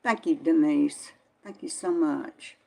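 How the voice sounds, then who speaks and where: An older woman, talking in a slightly low voice. She chats easily and folksily, greeting viewers by name as she reads the live chat. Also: takes it slowly, creaky, mellow. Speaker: vlog host reading live chat. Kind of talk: casual live-stream chat.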